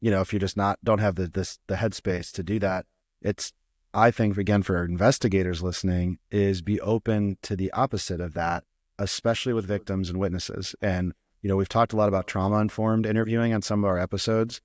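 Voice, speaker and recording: A man hosting a podcast interview, asking thoughtful questions in a halting way, with many restarts. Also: low-pitched, fairly even intonation, a little mellow, dry recording, clean studio sound. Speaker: podcast host.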